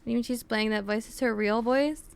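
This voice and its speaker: A woman streamer chatting casually with her viewers, talking with vocal fry and lots of fillers. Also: on the high side, fairly even intonation, normal speed. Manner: chatty, answers chat with fillers and laughs.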